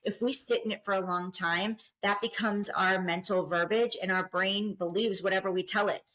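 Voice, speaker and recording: A woman's voice: mid-range voice, fairly even intonation, moderate pace, a bit bright, low-quality recording. A middle-aged woman, a business coach, speaking as a guest on a podcast in an earnest, encouraging way, often repeating and restarting phrases. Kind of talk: podcast interview.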